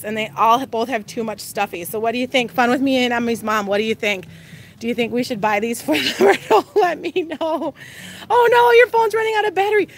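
A woman's voice: fairly high pitch, a bit bright, a little hiss or hum. A woman in her thirties chatting on a live stream as she walks through a big store, bubbly and laughing often, a bit out of breath. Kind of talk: casual live-stream chat. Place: large store.

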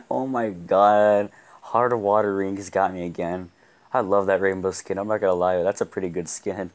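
A young man giving live gameplay commentary, excitable, often laughing and yelling at the game. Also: deep voice, normal speed. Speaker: gaming YouTuber.

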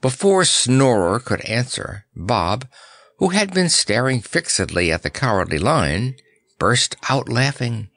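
In a clean studio recording with no room sound, a male audiobook narrator reads a children's book from a script. His mid-range voice is measured and expressive.

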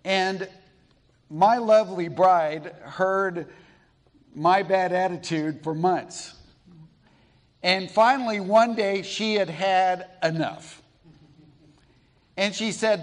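Middle-aged preacher guy from colorado, fairly high voice, takes it real slow and storytelling in his sermon. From Colorado, USA. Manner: storytelling, slow and deliberate with pauses. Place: church sanctuary.

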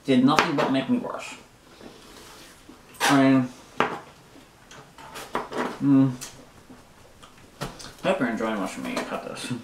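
A man's voice: mid-range voice, slow, long pauses. A man in his home kitchen, talking in a frustrated, rambling way with many fillers while he makes breakfast and eats. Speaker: vlogger. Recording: echoey room, mic far off, loud kitchen noise. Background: dishes, pots, pans and drawers clattering.

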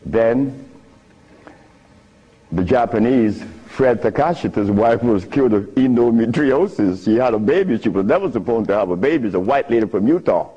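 An older man giving a talk, telling stories with frequent laughter and big swings in pitch. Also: expressive, moderate pace, dark tone, breathy edge. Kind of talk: animated storytelling lecture. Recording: muffled lo-fi recording.

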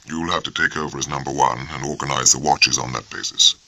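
A man reading the lines of a calm, reserved naval captain with measured, businesslike delivery. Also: extremely low pitch, vocal fry, heavily acted.

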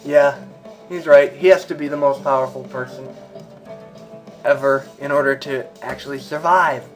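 A man's voice: medium pitch, steady tone, normal speed, faint music behind. A man giving rambling gameplay commentary as a let's play host, mumbling at times and bursting out angrily at others. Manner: rambling, swings between mumbling and angry outbursts.

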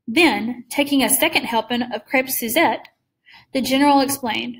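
A woman reading a story aloud in a measured way, slowing down for suspense. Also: on the high side, distant mic. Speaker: reader. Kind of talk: read-aloud story narration.

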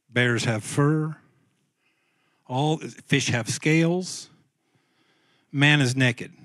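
A man's voice: medium pitch, fairly bright tone, dry recording. Male pastor preaching in dry sound. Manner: conversational preaching with frequent repeated words and restarts. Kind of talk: sermon. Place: church sanctuary.

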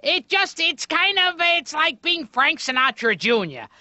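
A man doing a stand-up comedy routine with a loud, abrupt delivery and sudden shouting bursts. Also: extremely high pitch, very animated, unhurried, no echo. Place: animated series soundtrack. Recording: dry, slightly dull TV audio.

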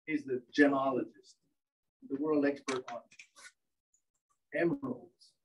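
A man teaching entomology to a training group, telling stories with animated, acted-out quotes. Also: medium pitch, takes it slowly, recorded from a distance, highs cut off, a little hiss or hum. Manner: animated storyteller, acts out voices. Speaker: entomologist lecturer. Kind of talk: anecdotal training lecture. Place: indoor training room.

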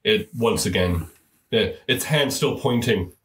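A man narrating as game master of a tabletop game, describing scenes in halting narration. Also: lowish voice, lively intonation, a bit bright, reverberant.

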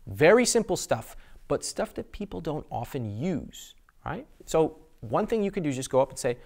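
A man teaching to camera in a studio, with a mellow, warm tone. His pitch moves a lot as he talks, and he keeps his delivery expressive and deliberate. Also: creaky. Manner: expressive, varied intonation, deliberate slowing. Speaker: host. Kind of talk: instructional talk to camera.

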